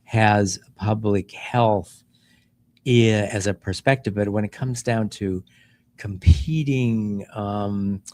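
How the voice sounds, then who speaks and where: Middle-aged guy, deep voice, doctor host, slow measured explaining. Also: fairly even intonation, darkish tone. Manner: measured, explanatory, with fillers and restarts. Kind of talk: interview conversation.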